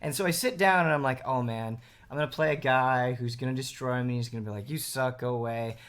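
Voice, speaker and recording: A man's voice: mid-range voice, fast talker. A young man on a gaming panel show, eagerly telling a story and acting out the lines of the people in it. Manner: animated, acts out quotes. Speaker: regular panelist. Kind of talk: excited storytelling chat.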